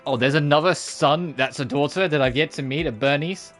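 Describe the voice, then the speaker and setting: A man streaming a game with casual commentary, swearing freely and reacting in quick asides. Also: fairly high pitch, a bit bright, faint music behind.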